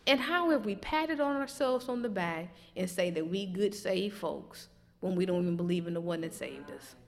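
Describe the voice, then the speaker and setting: A woman preaching a sermon, swinging between loud, emphatic questions and quiet, low reflection. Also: animated, moderate pace, gravelly. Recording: long hall reverb.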